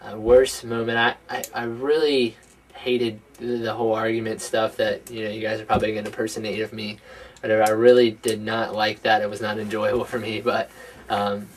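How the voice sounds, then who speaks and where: A young man with a fairly low voice talks earnestly and haltingly, stumbling over his words as he tries to say what he means. He sounds a little distant from the mic. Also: flat delivery. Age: young adult. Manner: sincere, hesitant, many restarts. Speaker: housemate. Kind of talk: casual reflective talk.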